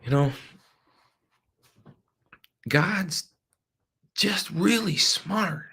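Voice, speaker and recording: A man's voice: high voice, lively intonation, very slow, sharp tone, slightly rough. Male host, devotional talk, earnest, repeats phrases with preacher-like emphasis.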